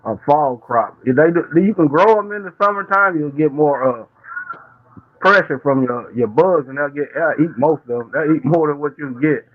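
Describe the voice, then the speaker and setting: A man calmly explaining garden crops as a guest in a casual chat. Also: fairly high pitch, moderate pace. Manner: steady, explanatory. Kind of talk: casual advice. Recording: dry, tinny phone line.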